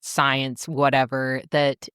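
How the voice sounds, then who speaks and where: A woman's voice: a bass voice, monotone, takes it slowly, fairly bright tone, clean tone, no echo, studio quality. A woman co-hosting a podcast, chatting enthusiastically and casually, with lots of filler words. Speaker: podcast co-host. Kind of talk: casual chat.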